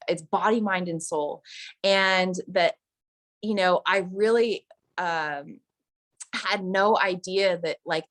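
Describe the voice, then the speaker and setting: A young adult woman telling her own story of addiction and recovery, candid and confessional, often acting out what people said to her. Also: on the low side. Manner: candid, confessional, fillers and restarts, quoted voices. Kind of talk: personal storytelling.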